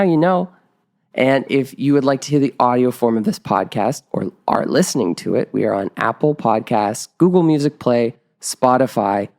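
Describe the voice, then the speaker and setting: A man's voice: a little high, a little mellow. A man hosting a podcast, giving short friendly reactions and reading the closing plugs. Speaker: podcast host. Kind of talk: casual interview and outro.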